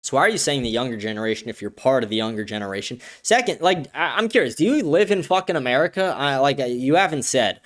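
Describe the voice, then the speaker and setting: A man's voice: medium pitch, animated, fast, few pauses, a bit bright. A man hosting a livestream, reading viewer comments and answering them in a blunt, profane, offhand way. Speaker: show host.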